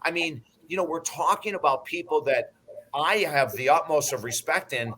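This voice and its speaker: A man's voice: a little high, moderate pace. A man in his sixties, a guest in an interview, telling stories bluntly and emphatically, sometimes swearing. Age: 60s. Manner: animated anecdote-teller. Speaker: guest, life coach and broadcaster. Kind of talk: interview storytelling.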